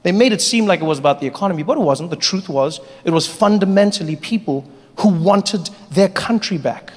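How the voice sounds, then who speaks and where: A man performing stand-up comedy, telling animated stories in a large venue. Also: sits high, brisk. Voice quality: animated, storytelling. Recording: long hall reverb, faint noise.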